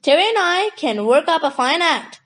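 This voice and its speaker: Lady playing a brisk circus boss man, quick and approving, highish. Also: big pitch swings, fairly bright tone.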